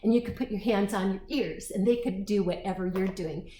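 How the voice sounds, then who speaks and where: A woman teacher reading a picture book aloud to young children, expressive and slow, with asides to her listeners. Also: mid-range voice. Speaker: preschool teacher storyteller. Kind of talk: read-aloud storytime for children. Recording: echoey room, faint noise.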